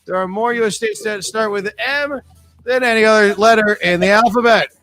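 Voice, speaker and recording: High-voiced joking trivia host. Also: male voice, moderate pace, fairly bright tone, soft background music. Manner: joking, chatty, reads questions aloud. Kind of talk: live trivia podcast banter.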